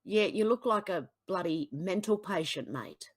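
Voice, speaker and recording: An Australian woman talking straight to camera as a political vlogger, blunt and exasperated. She reads posts aloud, then cuts in with scathing asides, her voice sitting at an ordinary middle pitch. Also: expressive, measured pace, husky. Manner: exasperated, blunt, swings between sighs and outbursts. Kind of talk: reading posts aloud and reacting.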